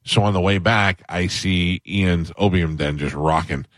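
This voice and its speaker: Deep-voiced man hosting radio banter. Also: unhurried, a bit bright, no echo, studio quality. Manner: loose joking banter. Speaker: radio host. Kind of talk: casual radio talk. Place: radio studio.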